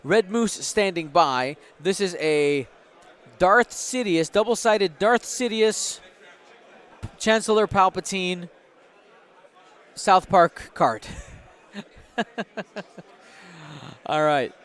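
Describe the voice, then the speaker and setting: Taking it slowly and pausing often, a man with a high, smooth, slightly bright voice and lively intonation hosts a game tournament stream. As commentator he chats upbeat with viewers, hypes the chat and runs giveaways.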